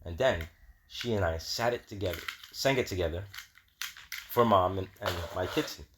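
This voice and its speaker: A deep, low-voiced man reads a children's picture book aloud in a slow, gentle, steady way. A faint hiss sits under his voice. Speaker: storybook reader.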